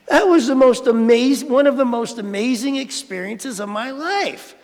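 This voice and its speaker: A man with a high, gravelly voice gives a conversational sermon and often turns to the audience with questions. His talk rings in a sanctuary with a long hall reverb. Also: lively intonation, moderate pace, hardly any pauses. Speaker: spiritual speaker. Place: spiritual centre sanctuary.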